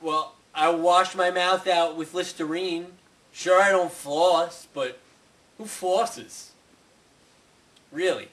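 Exasperated young man, high bright voice. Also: slow pace, pauses often, recorded from a distance. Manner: exasperated, incredulous. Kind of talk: comedy sketch acting.

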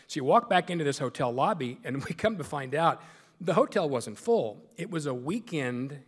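A man's voice: on the high side, expressive, normal speed, in a large hall. A man giving a humorous storytelling speech as a guest speaker, full of self-deprecating jokes. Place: large meeting hall.

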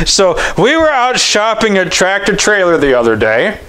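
A man's voice: high-pitched, wildly swooping pitch, slow, bright, forceful tone. A man, a pastor, giving a chatty, joking sermon and often restarting his sentences. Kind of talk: conversational sermon.

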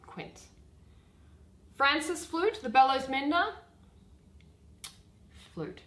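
A woman reads a play aloud on her own, in a high, lively voice. She speaks slowly and clearly, and the room gives her an echo. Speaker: reader. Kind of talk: solo reading of a play.

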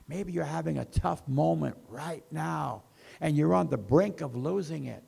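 A man preaching a sermon as pastor, with slow emphasis that rises and falls. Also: a little high, lively intonation, gravelly, a little mellow, breathy edge.

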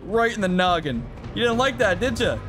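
Excitable man commenting on gameplay. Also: high-pitched, moderate pace, music in the background. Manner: excitable, swears, shouts at his companion. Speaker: gaming YouTuber.

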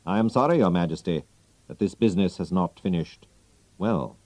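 A man voicing a cool, clever detective in a storybook reading, speaking in a measured, deliberate way. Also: low-pitched, expressive, warm tone, no room sound.

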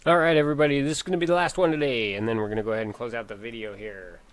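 A man giving casual, excitable commentary while playing a racing game, talking to himself and the game and sniffling from allergies. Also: mid-range voice, very fast. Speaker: gameplay commentator. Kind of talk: casual let's play commentary. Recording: game music playing behind.

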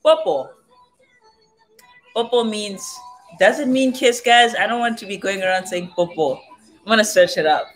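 A woman's voice: mid-range voice, unhurried, pauses often. A young woman from southern Africa chatting casually as a vlogger, playfully sounding out foreign phrases one by one. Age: young adult. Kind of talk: casual livestream chat. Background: faint music playing.

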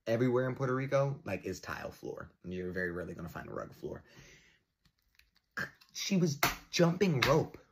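A man telling a spooky story in an animated, profane way, acting out the noises. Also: low-pitched, fast, few pauses. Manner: excited, profane, imitates noises, shouts for effect. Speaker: storyteller in a played clip. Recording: noisy clip audio with clicks.

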